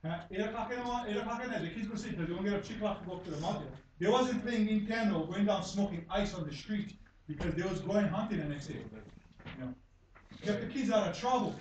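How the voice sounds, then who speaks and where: Angry high-voiced man with Hawaii Pidgin accent. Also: quick pace, a little mellow. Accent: Hawaii Pidgin-tinged English. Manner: angry, blunt, repetitive, swears. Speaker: member of the public giving testimony. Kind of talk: heated public hearing testimony. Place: conference room. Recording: echoey room from far off, faint noise.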